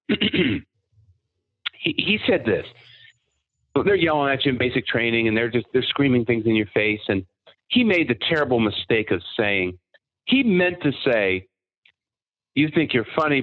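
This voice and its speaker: Storytelling man on a tinny line. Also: medium pitch. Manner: animated anecdotal storytelling. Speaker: podcast guest. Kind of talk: casual storytelling.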